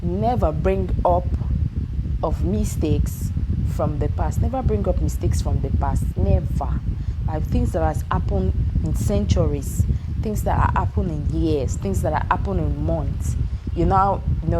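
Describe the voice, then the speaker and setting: In a casual vlog, a young Nigerian woman with a Nigerian accent offers relationship advice in a lowish, unhurried voice over very heavy noise. She repeats her points emphatically and keeps asking whether you understand.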